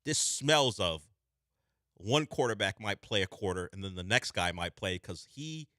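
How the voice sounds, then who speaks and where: A man's voice: unhurried, no room sound. A young man hosting a sports radio show, chatting casually and animatedly from a studio mic. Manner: animated, breaks into a squeaky voice when mimicking. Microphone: studio microphone.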